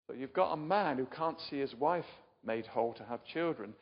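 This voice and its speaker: Here an older man from England preaches in a chatty, self-deprecating way, regularly asking the audience questions. His mid-range voice is expressive and paced at a normal speed. The recording sounds muffled and reverberant, as if in a hall.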